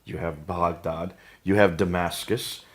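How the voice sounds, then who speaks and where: A man's voice: low-pitched, fairly even intonation, measured pace, slightly rough. An American man co-hosting a discussion, asking leading questions and methodically listing points with emphasis. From United States. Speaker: co-host. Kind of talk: apologetics discussion.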